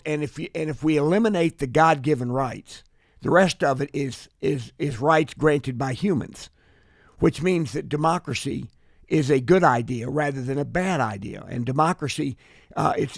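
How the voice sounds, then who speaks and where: A man's voice: fairly high pitch, gravelly, dry recording, studio quality. An American man hosting a political talk radio show, speaking earnestly and often restarting his sentences. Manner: earnest, many restarts and repeated words.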